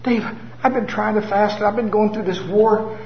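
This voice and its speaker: Guilt-ridden anxious churchwoman voiced by a man, high-pitched, roomy hall sound. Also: fairly even intonation, a little hiss or hum. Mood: distressed. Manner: anxious, rushed confession. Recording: roomy, slightly dull sound.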